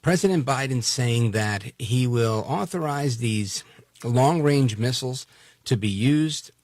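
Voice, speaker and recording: Gravelly radio host guy, loose and jokey, lots of uhs, dry close mic. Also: medium pitch, dry recording. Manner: loose, joking, with fillers. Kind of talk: talk radio news commentary.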